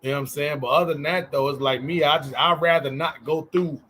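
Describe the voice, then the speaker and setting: Laid-back male podcast host, slightly high voice. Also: steady tone, fast, fairly bright tone, slight background noise. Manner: loose and conversational, fills with "you know what I'm saying". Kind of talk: casual chat.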